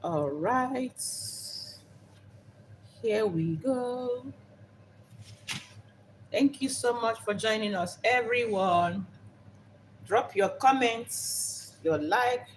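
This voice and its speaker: A woman's voice: medium pitch, slight background noise. A woman hosting a live cooking vlog, talking unhurriedly and repeating herself while she savors the food. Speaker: cooking show host.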